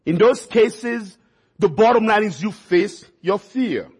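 Man, preacher, high-pitched, husky, sermon, folksy storytelling, repeats words for emphasis. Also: lively intonation, takes it slowly, darkish tone.

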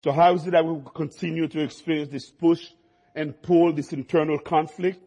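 A man preaching a sermon, his delivery swinging between quiet, low passages and rising, emphatic stretches. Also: fairly even intonation, normal speed, husky. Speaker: pastor.

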